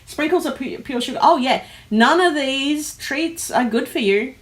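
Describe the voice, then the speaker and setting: Australian woman, host of a casual home livestream, bubbly and fast-shifting, slightly high voice. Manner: chatty, animated, laughs often, many fillers. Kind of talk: casual livestream chat reading comments. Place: home office.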